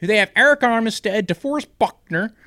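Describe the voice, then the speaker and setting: Young guy riffing on football trades, jokey and rambly, kinda high voice, dry close sound. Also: lively intonation, moderate pace, bright, forceful tone, no room sound. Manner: rambling, jokey, with many fillers and tangents. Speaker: sports podcast host. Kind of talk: casual fantasy football talk.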